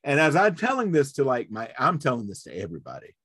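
A man's voice: medium pitch, huge pitch swings, fast, a bit bright, no echo, studio quality. A man hosting a podcast, telling a story in casual chat and acting out the voices of the people in it. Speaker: podcast host.

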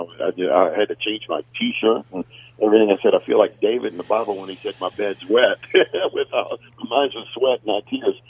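Brief: low, husky-voiced man, faith radio co-host, thinks aloud with repeats, tinny phone line. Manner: conversational, repeats words when thinking aloud.

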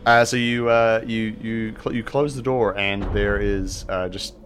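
A man narrating as game master for a tabletop game, halting often with fillers and restarts. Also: on the low side. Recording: steady background hiss.

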